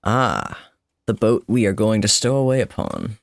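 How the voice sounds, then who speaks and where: A man's voice: on the low side, measured pace, no room sound. A man streaming a game with casual, chatty commentary, wry and self-deprecating, swearing now and then.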